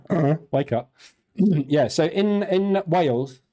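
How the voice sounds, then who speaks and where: This middle-aged southern Englishman hosts a live trading stream in a fairly high, expressive, slow voice with a dark tone. Chatty and jokey, he laughs easily and answers viewers' questions aloud.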